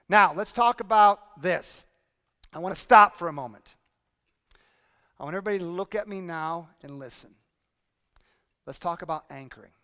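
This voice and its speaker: A man presenting a workshop to a live audience, energetic and drilling the room with repeated questions. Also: on the high side, clear, resonant tone. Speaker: speaking coach presenting a workshop. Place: conference hall with audience. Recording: long hall reverb.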